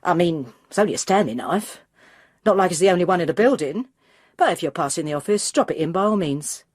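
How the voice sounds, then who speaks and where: Insolent young receptionist, dismissive and cheeky as a woman reads her, husky voice. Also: fairly low pitch, animated, brisk, no echo, clean studio sound.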